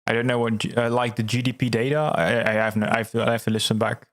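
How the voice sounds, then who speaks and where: A man hosting a livestream, chatting casually and reading out viewer comments, excitable, laughing often and repeating words. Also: mid-range voice, fast talker. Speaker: livestream host.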